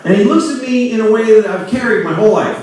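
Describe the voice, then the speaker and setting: A stand-up comedian in his forties tells a story to a large live venue, acting out voices and swinging from low mutters to shouts with animated, quick delivery. The echoey recording comes from a distant mic, with a loud, laughing crowd in the background.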